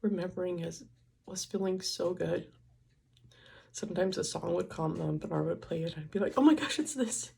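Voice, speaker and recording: A woman's voice: lowish voice, level tone, normal speed, creaky, warm tone, slightly rough. An older woman vlogging, speaking in an emotional, tearful and confiding way as she cries. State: crying. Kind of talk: personal vlog.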